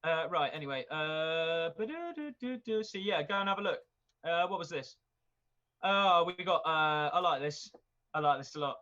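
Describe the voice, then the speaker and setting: A man's voice: fairly high pitch, moderate pace, pushed and bright, muffled recording. A man co-hosting a casual chat podcast, joking and rambling, swearing freely and laughing often. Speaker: podcast co-host.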